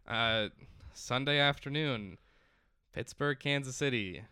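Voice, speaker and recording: A man co-hosting a casual sports podcast, with a bright, crisp voice. He talks in a chatty way and rattles through lists of games and standings. The sound is dry and close. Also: medium pitch, takes it slowly, dry recording. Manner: chatty, reads out lists, laughs often. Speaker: podcast co-host.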